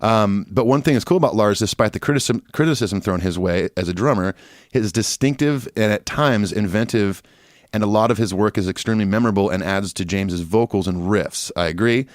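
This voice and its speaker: A man co-hosting a music podcast, relaxed and agreeable, reading listener emails with many fillers. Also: lowish voice, fairly quick, dry recording, clean studio sound. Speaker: podcast co-host.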